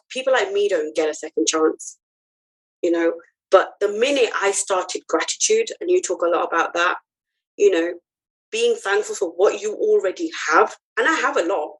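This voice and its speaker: A woman's voice: mid-range voice, husky, poor audio. A woman guest on a podcast, telling her personal story in an earnest, heartfelt way with frequent ums and restarts.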